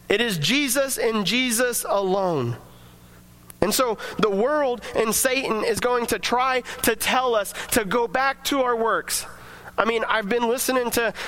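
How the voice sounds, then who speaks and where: A man's voice: high voice, a bit bright. A man preaching a sermon to his congregation in a conversational way, acting out quoted voices as he reads and explains scripture. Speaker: pastor.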